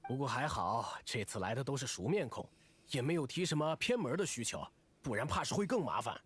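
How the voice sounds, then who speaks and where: A seasoned innkeeper from a video game who gives advice calmly, as a man acts him out. His pitch rises and falls in a lively way as he speaks. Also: a little fast, slight background noise, lightly acted. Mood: advising. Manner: calm, advising. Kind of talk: game dialogue.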